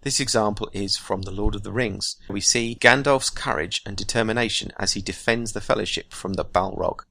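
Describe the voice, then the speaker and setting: A man hosting a writing podcast, explaining craft in a measured, scripted teaching monologue. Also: fairly low pitch, creaky, pushed and bright, dry recording.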